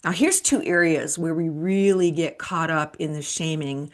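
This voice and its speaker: Speaking at a moderate pace in a voice that sits low, this midlife coach and show host, a woman in her fifties, delivers an earnest, encouraging solo motivational talk. She poses rhetorical questions to the listener.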